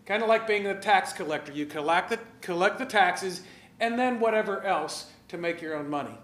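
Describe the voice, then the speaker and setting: A man preaching a sermon in a lively, conversational way, asking his listeners questions and directing slides. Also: high voice, normal speed, roomy sound, slight background noise. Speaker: pastor.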